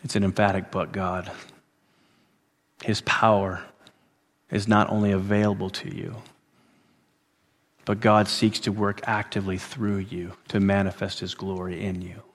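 A man preaching a sermon who repeats phrases for emphasis, rising to loud emphatic peaks and dropping to hushed endings. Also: deep voice, flat delivery, unhurried, pauses often, long reverb tail. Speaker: pastor.

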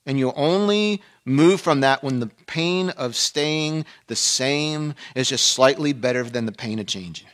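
A man preaching a sermon, dropping to a hush and then rising to emphatic peaks, acting out the people he quotes. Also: mid-range voice, measured pace, hardly any pauses. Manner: swings between hushed and emphatic, acts out quoted voices. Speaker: pastor.

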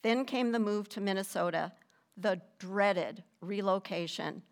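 An older woman with a mid-range voice reads her personal faith testimony, telling it in a measured, deliberate way with gentle emphasis.

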